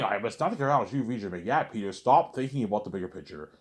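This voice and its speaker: A man talks in a rambling vlog monologue, boastful and repetitive, with swearing mixed in. He speaks quickly in a low voice. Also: expressive, a little mellow. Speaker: vlogger.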